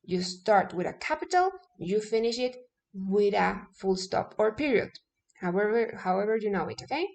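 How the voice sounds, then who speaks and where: A woman teaching a casual English lesson, who stresses key words, tags her points with a quick "okay?", and restarts now and then. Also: medium pitch, lively intonation, a little mellow.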